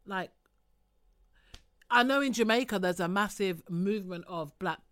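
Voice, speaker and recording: Bright-voiced British woman, animated. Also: mid-range voice, measured pace. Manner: animated, swears, acts out arguments. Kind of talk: casual discussion.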